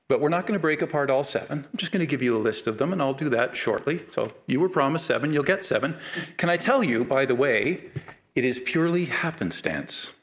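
A man preaching a sermon to a live congregation, talking casually with humor and building to emphatic repeated phrases. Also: mid-range voice. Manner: conversational, building emphatic repetition.

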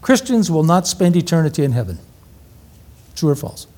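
A man's voice: on the high side, big pitch swings, moderate pace, darkish tone. A middle-aged man preaching an interactive teaching sermon, energetically quizzing the audience with questions.

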